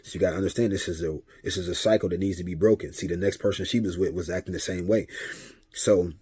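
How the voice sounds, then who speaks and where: Man for a spiritual advice vlog, low and husky, relaxed conversational delivery, acts out dialogue. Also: fast, no room sound. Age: adult father of several children. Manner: conversational, often repeats a filler tag and acts out dialogue. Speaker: vlogger giving spiritual advice. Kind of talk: casual spiritual talk monologue.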